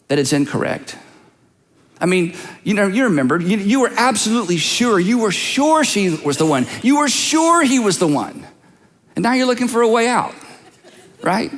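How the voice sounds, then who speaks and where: A man's voice: high voice, a bit bright, long reverb tail. A man preaching a sermon as a pastor, talking conversationally and teasing listeners with direct questions. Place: large church auditorium.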